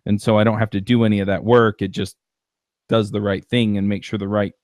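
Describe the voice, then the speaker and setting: Low-voiced man in rambling casual chat. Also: little pitch movement, brisk, darkish tone, dry recording, clean studio sound. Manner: rambling, many restarts and fillers. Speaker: podcast host.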